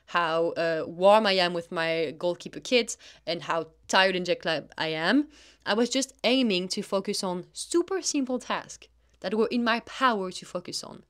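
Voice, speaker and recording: A woman's voice: medium pitch, fairly bright tone. Earnest young woman. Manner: earnest, encouraging, coaching tone. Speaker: podcast host, athlete. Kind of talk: solo podcast monologue.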